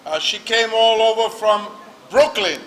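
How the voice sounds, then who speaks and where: A man's voice: sits high, measured pace. A man emceeing an outdoor political rally, joking and introducing speakers in English and Spanish. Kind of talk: rally speech. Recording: outdoor rally with crowd and street noise.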